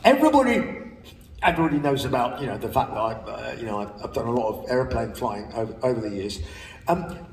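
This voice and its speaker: Speaking fast and animatedly in a mid-range voice, this older man shares anecdotes with a live crowd, chatty and laughing with the odd casual curse. It's a spoken-word show on a big theater stage, recorded from the audience at a distance in an echoing hall, with slight background noise.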